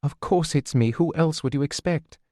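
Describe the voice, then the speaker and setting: Man voicing a brisk, practical young woman. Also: on the high side, dark tone, dry recording, studio quality, pitched above the performer's own voice, close to an everyday voice.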